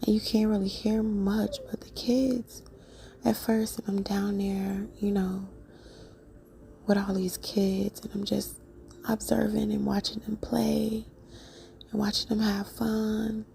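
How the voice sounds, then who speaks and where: A woman telling a dream in a soft, unvoiced whisper with many fillers, as a whispered vlog. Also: medium pitch, flat delivery, slow, creaky, a little hiss or hum. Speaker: vlogger.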